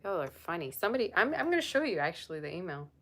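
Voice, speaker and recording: A woman's voice: on the low side, big pitch swings, racing, fairly bright tone. A woman tarot reader chatting on a live stream, blunt and sassy as she reads and answers viewer comments. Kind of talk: casual live-stream chat.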